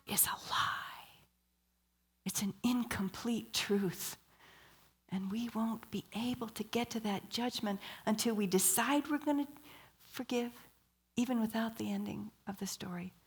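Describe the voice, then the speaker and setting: A guest speaker with a somewhat high, breathy-edged voice delivers a sermon at a church. She tells stories, poses questions to the audience, and drops to a whisper for emphasis.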